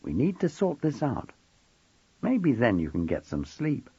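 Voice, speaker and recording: A man voicing a patient, dry-humoured older head of sixth form who coaxes softly. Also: medium pitch, huge pitch swings, a little slow, breathy edge, dry recording, dull audio, full character voice. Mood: wry. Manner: soft-spoken, dry, coaxing.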